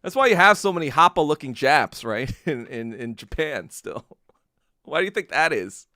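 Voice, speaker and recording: A man's voice: on the high side, animated, moderate pace, bright, forceful tone, no room sound, clean studio sound. A man hosting a podcast, ranting casually with lots of swearing and laughing between phrases. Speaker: podcast host. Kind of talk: casual solo rant.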